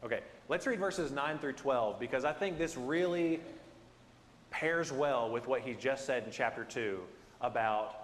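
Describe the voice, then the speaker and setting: A man teaching a Bible class in a conversational, self-deprecating, animated way. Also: mid-range voice. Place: church building. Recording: echoey hall with long reverb.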